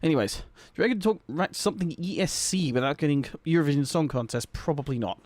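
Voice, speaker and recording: A man's voice: fairly high pitch, quick pace, a little mellow. A young man, chatting casually with viewers on a live stream, giggly and rambling. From Britain. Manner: giggly, rambling, reacting to chat.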